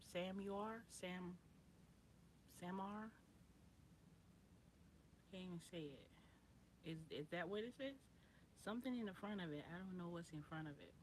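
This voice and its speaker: A woman with a fairly low voice talks loosely to her livestream viewers, rambling and slangy. She drifts between topics and calls out to people in the chat. A faint hum of noise sits behind her. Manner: rambling, chatty, greets viewers by name, slangy. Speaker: livestream host.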